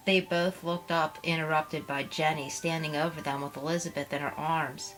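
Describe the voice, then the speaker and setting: A woman narrating a novel aloud in a steady, soft way. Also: sits low, moderate pace, few pauses, soft background music, low-quality recording. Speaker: audiobook narrator. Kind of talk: novel reading.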